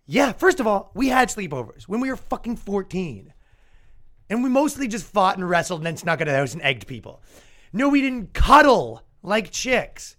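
Animated Canadian man ranting sarcastically. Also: sits high, moderate pace. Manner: animated, sarcastic, swearing, mock-quoting opponents. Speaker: podcast host. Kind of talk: solo comedic podcast rant.

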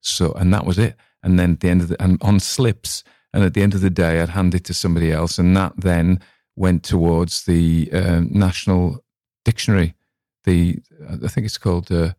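A man's voice: low-pitched, little pitch movement, normal speed, dark tone, no echo, clean studio sound. A man with a northern English accent, a podcast host chatting casually about a story he read, rambling with restarts and asides. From north of England.

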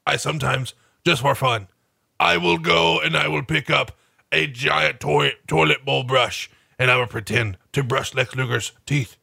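A deadpan wrestler with a thick mock Russian accent and a gravelly, crackling voice, put on by a man. He talks in stiff broken English, bright and edgy in tone. The sound is dry and close. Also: mid-range voice, a little slow, no echo, exaggerated voice.

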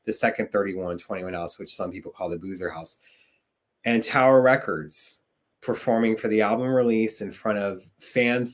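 A man hosting a casual interview, enthusiastic as he recalls events and asks questions. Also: fairly low pitch. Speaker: podcast host.

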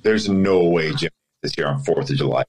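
Male co-host, deadpan nonchalant humor, low raspy voice. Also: normal speed, low-quality recording. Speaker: podcast co-host. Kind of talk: casual chat.

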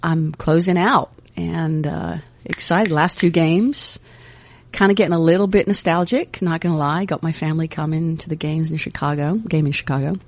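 A woman's voice: low voice, normal speed. A woman in her fifties, raised in England, with a faint hybrid British-American accent, chatting as an interview guest and often laughing and restarting her sentences. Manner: relaxed, laughing, trails off and restarts. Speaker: interview guest, national team coach. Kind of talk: casual interview chat.

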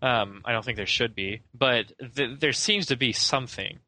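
A young man chatting casually about a film as a podcast co-host, bright and forward in tone. He rambles and hedges, with plenty of "um" and "you know," circling back on his own sentences. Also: medium pitch, moderate pace, a little hiss or hum, low-quality recording. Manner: rambling, hesitant, many fillers and restarts.

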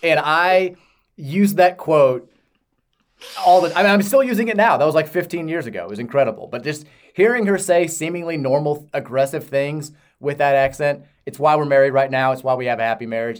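A man's voice: on the high side, a little fast. A man in his thirties from Kentucky, co-hosting a casual chat and telling rambling, self-amused stories. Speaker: podcast co-host.

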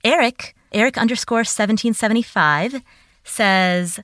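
A woman's voice: a little high, a little slow, a bit bright, no echo, studio quality. A woman hosting a solo podcast from a home closet, chatty and enthusiastic, with carefully articulated speech. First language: Nepali. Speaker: podcast host. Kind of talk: solo podcast outro, reading listener reviews. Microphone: home studio mic in a closet.

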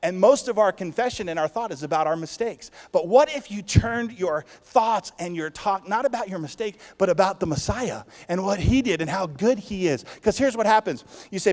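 A male pastor delivering a sermon in a lifted, fairly high voice, rising to loud declarations and then dropping to quiet, intimate lines. His voice carries a long reverb from a large church hall. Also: lively intonation, moderate pace. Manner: preaching with strong swings between loud and soft.

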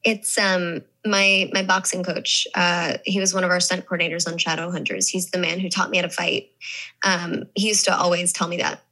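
A woman's voice: fairly low pitch, little pitch movement, moderate pace, pushed and bright, low-quality recording. A young adult woman from the American South, chatting thoughtfully as an actress interviewee, with many restarts and fillers. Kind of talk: casual interview chat.

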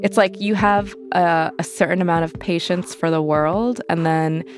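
A woman's voice: lowish voice, fairly even intonation, moderate pace, soft background music. A young woman telling a personal story in an interview, candid and loose, full of "like" fillers. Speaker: interview guest.

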